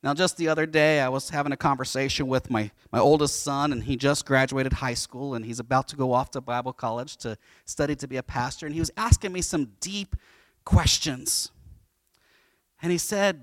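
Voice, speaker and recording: A man's voice: medium pitch, a little fast, fairly bright tone, no echo, clean studio sound. A man in his forties, a pastor giving a sermon in a casual storytelling way, acting out the voices.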